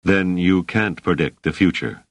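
A man's voice: low voice, unhurried, no echo. A man reading an audiobook and voicing a weary, bitter male rebel leader who argues in an earnest, urgent way.

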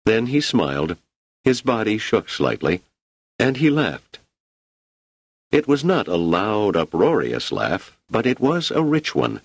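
A deep-voiced male narrator reading a novel with wide, animated swings of pitch. The recording is dry and close, with no room sound at all. He tells the story with expressive, scripted storytelling. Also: no room sound. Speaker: audiobook narrator.

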